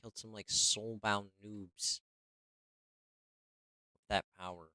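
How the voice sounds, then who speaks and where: A man's voice: fairly low pitch, little pitch movement, slow pace, bright, forceful tone, clean tone, no room sound. A man giving casual gameplay commentary, joking and grumbling at the game. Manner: joking, repeats meme lines, grumbles at the game. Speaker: gamer.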